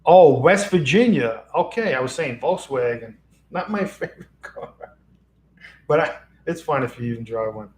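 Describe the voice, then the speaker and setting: With lively intonation and a slightly mellow, mid-range voice, this man chats casually at normal speed on a livestream. He rambles and chuckles a lot from a lamp-lit room at home, speaking into an XLR mic propped on a box, with a little hiss or hum audible.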